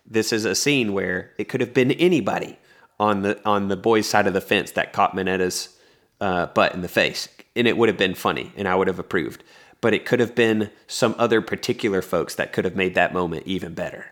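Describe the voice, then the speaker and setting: Male podcast co-host, very low voice, wry rambling anime recap. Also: brisk, fairly bright tone. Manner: rambling, wry, frequent restarts. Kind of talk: casual anime recap chat.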